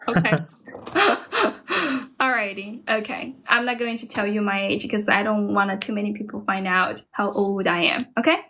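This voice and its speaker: A woman's voice: mid-range voice, huge pitch swings, a little slow, long pauses, bright, forceful tone, a little hiss or hum. A woman from China speaking English with a Chinese accent, an online English teacher chatting casually and laughing often. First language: Mandarin. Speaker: online English teacher and live-stream host. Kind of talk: casual English practice chat.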